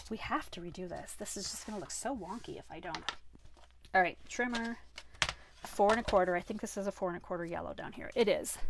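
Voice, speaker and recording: A woman's voice: mid-range voice, background noise. Chatty woman teaching a card-making class. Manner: chatty and self-deprecating, laughing at her own mistakes. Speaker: crafting class host. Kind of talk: live card-making demonstration.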